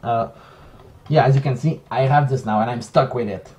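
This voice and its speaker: A man who speaks English as a second language, giving a casual commentary vlog in a halting, self-correcting way. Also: medium pitch, darkish tone, slight background noise. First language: not English. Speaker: video essayist.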